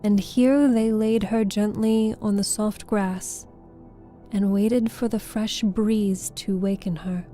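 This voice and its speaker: Female audiobook narrator, unhurried and mellow, faint music underneath. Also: medium pitch, steady tone. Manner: slow, gentle storytelling.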